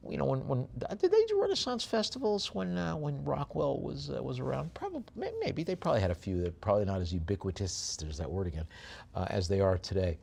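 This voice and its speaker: A man's voice: fairly low pitch, creaky. A man working as an auctioneer at a live sale, describing each lot with chatty, rambling asides and then rattling off bid calls.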